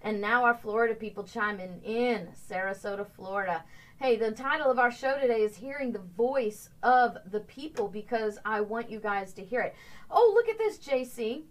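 Upbeat lady host chatting on her home studio set, kinda high voice, laughs a lot. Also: animated, moderate pace. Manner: upbeat, laughs often, reads out viewers' locations. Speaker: show host. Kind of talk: casual morning show chat.

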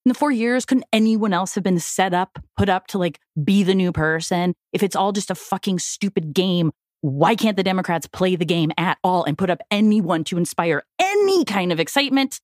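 Frank, swearing woman with a low voice. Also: expressive, moderate pace, no echo, clean studio sound. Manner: frank, exasperated, swears freely. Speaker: podcast co-host. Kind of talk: casual venting chat.

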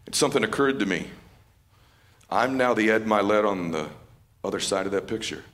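A middle-aged man giving an emotional stage speech as a motivational speaker, casual and slangy, dropping to a hushed voice in tender moments. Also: lowish voice, lively intonation, a little fast. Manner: casual and slangy, calling people dude and man. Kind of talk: emotional speech to a live audience. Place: stage at a live event.

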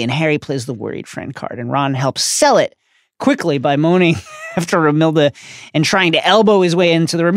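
A man's voice: fairly high pitch, moderate pace, dry recording. A man co-hosting a casual book-discussion podcast, recapping chapters with wry asides. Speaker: podcast co-host.

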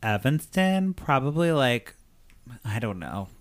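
A man's voice: mid-range voice, very animated. Chatty man hosting a podcast. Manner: chatty, laughs often, quick asides. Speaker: podcast host. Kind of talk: casual podcast chat.

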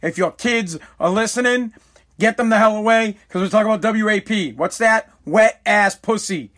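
A man's voice: high-pitched, normal speed, a bit bright. A man hosting his own podcast alone, rambling casually, swearing and correcting himself as he goes. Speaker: podcast host. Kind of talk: casual solo podcast rant. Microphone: streaming live mic.

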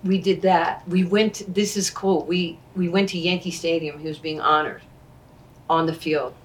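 A woman in her sixties, an interview guest telling personal stories in an animated way and acting out what people said. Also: fairly low pitch, moderate pace, a little hiss or hum. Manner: animated, acts out quoted speech. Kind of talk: conversational storytelling. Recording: distant mic, faint ambience.

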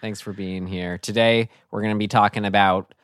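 A man's voice: lowish voice, steady tone, moderate pace, a bit bright, clean tone, no echo, clean studio sound. A man co-hosting a podcast in casual chat, rambling and laughing at his own slips. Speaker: podcast co-host.

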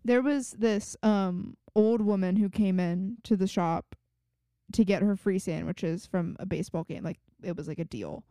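Mellow-voiced young woman telling a story. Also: medium pitch, normal speed, clear, resonant tone, no echo, studio quality. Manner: storytelling, indignant. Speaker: podcast co-host. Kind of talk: casual chat.

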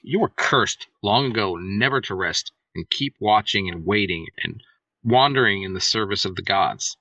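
A man's voice: on the low side, lively intonation, normal speed, bright, forceful tone, dry recording, full character voice, low-quality recording. A man reading the lines of a spiteful, drunken male trickster god, hurling crude insults. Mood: taunting.

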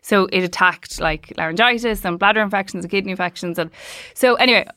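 A Dublin Irish woman co-hosting a podcast, rattling off stories at a fast clip in a chatty, profane way. Her voice sits at a middle pitch and sounds dry and close, with no room around it. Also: pushed and bright, no room sound. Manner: chatty, storytelling, swears freely. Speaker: podcast co-host. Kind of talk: casual chat.

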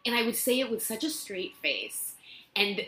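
A woman actress telling self-mocking stories in a casual interview in her apartment, quick to laugh. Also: a little high, expressive, bright, forceful tone, slight background noise. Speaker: guest actress. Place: her own apartment living room. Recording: echoey room.

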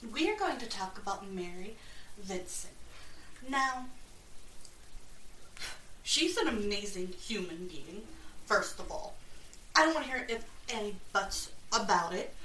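A woman's voice: medium pitch, lively intonation, a little slow, long pauses, sharp tone, a little hiss or hum. A young woman hosting a casual true-crime podcast, talking in a rambling, nervous, self-deprecating way. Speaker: podcast host. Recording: echoey room.

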